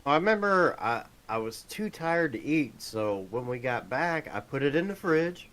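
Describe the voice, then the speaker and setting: Male podcast guest, blunt and profane, grumbles his way through stories with a bouncing pitch. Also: sing-song, normal speed, a bit bright. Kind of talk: casual chat.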